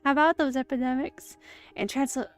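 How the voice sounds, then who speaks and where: Woman, high voice, casual live commentary, rambling, chatty, streaming mic. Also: fairly even intonation, moderate pace, faint music behind. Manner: chatty, rambling asides, self-interrupting. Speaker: streamer hosting a movie watch-along. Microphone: streaming setup.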